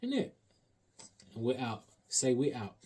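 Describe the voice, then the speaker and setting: Slangy football fan ranting. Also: male voice, mid-range voice, unhurried, breathy edge. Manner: animated, slang-heavy, rambling. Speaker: fan sending in a match review. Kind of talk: excited football fan rant.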